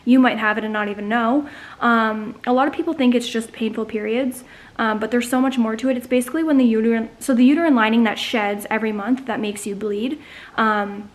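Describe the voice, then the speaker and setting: Chatty young woman vlogger. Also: on the high side. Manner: chatty, fast, many fillers like "um" and "like". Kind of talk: casual storytelling to camera.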